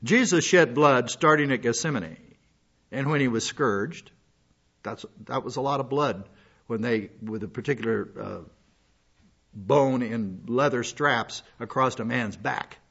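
A man's voice: medium pitch, a little slow, vocal fry, a bit bright, breathy edge. An older man preaching a sermon as a pastor, in a folksy, rambling way with many fillers and restarts. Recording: dull lo-fi sound.

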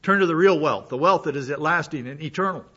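A man delivers a sermon in a high, bright voice. His manner is folksy and conversational, with plenty of asides, and he is sick with a cough. The recording sounds dull and lo-fi. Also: brisk. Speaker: pastor.

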